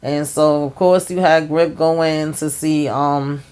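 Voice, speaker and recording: A woman's voice: low-pitched, steady tone, measured pace, darkish tone, clear, resonant tone. Woman, casual TV recap, colloquial, lots of fillers, quotes the characters' lines. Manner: retells scenes with quoted dialogue, exclaims and laughs. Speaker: TV recap host.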